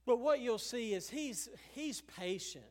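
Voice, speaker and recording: A pastor with a notably high voice delivers a sermon from the pulpit, animated, unhurried, and a little mellow, carrying his words along with chuckles. Now and then he acts out little quotes, and his voice rings through the church sanctuary with a long reverb tail.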